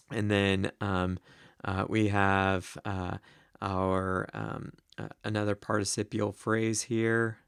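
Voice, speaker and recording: A man teaching the Greek grammar of a Bible passage, slow and deliberate, with many ums and uhs. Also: fairly low pitch, little pitch movement, vocal fry, clear, resonant tone, no room sound, clean studio sound.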